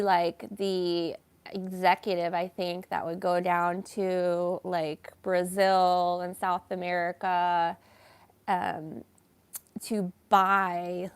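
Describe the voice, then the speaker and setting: A woman telling a personal story in a casual vlog, slow and hesitant, with many fillers and some self-reproach. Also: fairly low pitch, clear, resonant tone, no echo. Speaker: vlogger.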